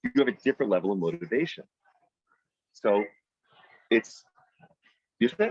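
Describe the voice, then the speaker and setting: A man leading a weekly team meeting over a video call, telling a story and giving an emphatic motivational talk that jumps to loud, high peaks. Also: big pitch swings, normal speed, husky, no echo, lo-fi sound. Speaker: team leader running a weekly sales meeting. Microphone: video call microphone.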